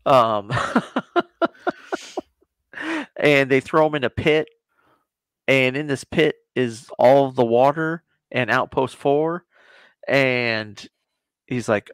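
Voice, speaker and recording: A man's voice: medium pitch, a bit bright, clean tone, no echo. Rambling man retelling a show. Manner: rambling, retells scenes with quick quoted voices. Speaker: guest. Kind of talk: casual reaction chat.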